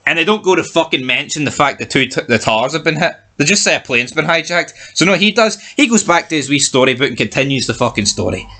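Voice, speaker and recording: A man rants through a casual TV review with a fairly high, sharp, forceful voice. He is animated and swears freely, talking over his co-host. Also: quick pace, hardly any pauses.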